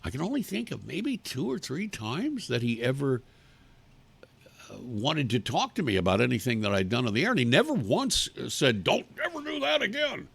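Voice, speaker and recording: A man's voice: mid-range voice, very animated, normal speed, vocal fry, fairly bright tone, slightly rough. A man hosting a talk show from his living room, rambling bluntly and crudely with many restarts. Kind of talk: casual rambling monologue on a livestream.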